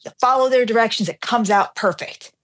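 A middle-aged woman hosting a radio show, telling a story in a casual, animated, self-deprecating way and acting out the dialogue. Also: fairly high pitch, brisk.

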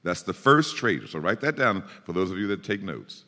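A man's voice: deep voice, sing-song, moderate pace, long reverb tail. A man preaching a sermon, explaining scripture verse by verse and pressing his points with emphatic exhortation. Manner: emphatic, rising to forceful exhortation.

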